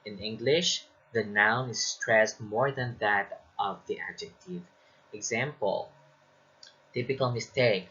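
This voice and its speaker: A man teaching a recorded lesson on English pronunciation, explaining slowly and reading example sentences aloud. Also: lowish voice, pushed and bright, breathy edge, lo-fi sound.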